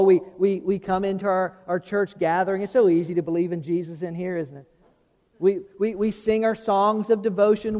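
Male pastor, high voice, folksy sermon with restarts, big reverberant church hall. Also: dark tone. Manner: folksy preaching with repeated restarts, acting out quoted voices. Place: church sanctuary. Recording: long reverb of a large hall.

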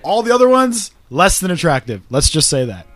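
Male podcast host, casual storyteller, crude and lively, slightly high voice. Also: a little fast, dry recording. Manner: profane, rambling, animated storyteller.

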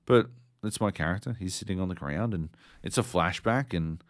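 A man's voice: sits low, moderate pace, dry recording, clean studio sound. A man co-hosting a podcast, ranting sardonically and swearing constantly in casual chat. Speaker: podcast co-host.

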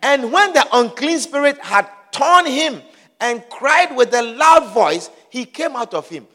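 High-voiced preacher shouting a sermon. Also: male voice, very animated, a little slow, big-room sound. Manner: emphatic, repeats phrases, bursts into shouts.

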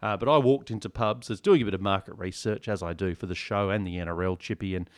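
A man's voice: low-pitched, fast. A man, co-hosting a casual comedy podcast and telling stories in a dry, joking way. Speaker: podcast co-host.

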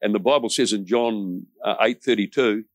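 Earnest New pastor preaching. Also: male voice, on the low side, moderate pace, no room sound. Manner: earnest and emphatic, with folksy asides. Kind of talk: sermon.

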